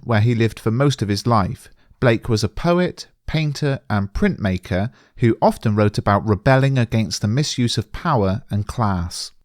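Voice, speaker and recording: Male teacher, scripted revision lesson, measured and clear, slows for quotes; dry booth sound. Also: mid-range voice, dry recording. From England. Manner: clear, measured explanation, slowing to read quotations.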